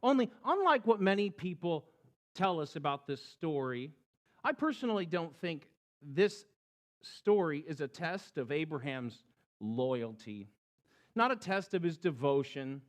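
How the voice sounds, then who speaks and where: A male pastor preaching a Sunday sermon, his voice rising and falling in lively swings. He speaks slowly and deliberately, with a fairly high pitch for a man. His delivery is that of an expressive storyteller.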